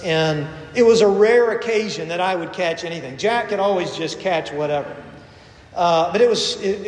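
A middle-aged man pastor giving a conversational sermon, telling stories and acting out the voices he quotes. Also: high-pitched. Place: church sanctuary. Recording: echoey long reverb of a sanctuary.

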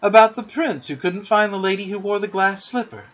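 A man's voice: sits high, brisk, fairly bright tone, voice pushed up. A man voicing a boastful, cunning young boy in a storybook reading, with a coaxing, sly manner in a dull lo-fi recording.

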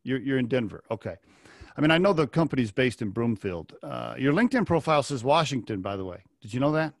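A man's voice: medium pitch, animated, fast talker, gravelly. Chatty male podcast host. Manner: chatty, repeats himself, affirming okays. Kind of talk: podcast interview, read sponsor intro. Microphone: video call.

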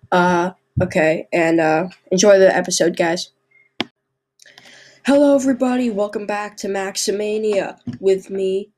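Woman vlog host, slightly low voice, chatty and rambling. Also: darkish tone. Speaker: channel host. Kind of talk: casual vlog chat.

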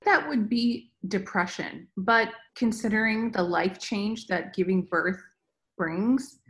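A woman guest speaking as a mental health expert, explaining in a calm, reassuring way. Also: mid-range voice, slow. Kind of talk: explanatory interview answers.

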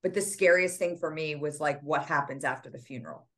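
Speaking fairly quickly in a low, fairly bright voice, a middle-aged American woman shares a painful family loss as a podcast guest. The author tells it earnestly in interview style, with plenty of fillers.

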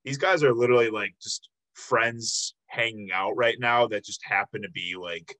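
Bright-toned casual male interviewer. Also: mid-range voice, moderate pace, low-quality recording. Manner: loose, rambling, swears freely, many "like"s. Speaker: podcast interviewer.

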